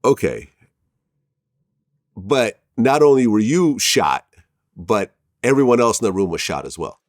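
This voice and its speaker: A man hosting a studio interview, asking measured, probing questions. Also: lowish voice, animated, no room sound.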